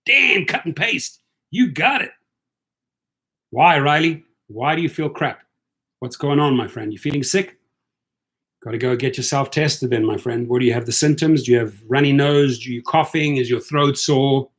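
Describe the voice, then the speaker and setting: A man's voice: mid-range voice, moderate pace. A man chatting casually on a livestream. He talks loosely and repeats himself, and he sounds tired as he answers viewers one by one. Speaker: livestream host for rideshare drivers. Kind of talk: casual livestream chat reading viewer comments.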